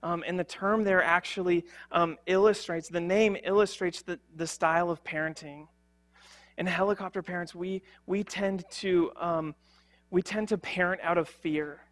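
A man's voice: high-pitched, fairly even intonation, normal speed, a bit bright. A young man preaching a sermon as a pastor, earnest and conversational, with frequent fillers and restarts.

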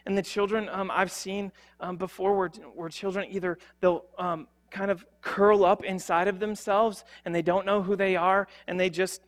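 A young man preaching a sermon as a pastor, earnest and conversational, with frequent fillers and restarts. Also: high-pitched.

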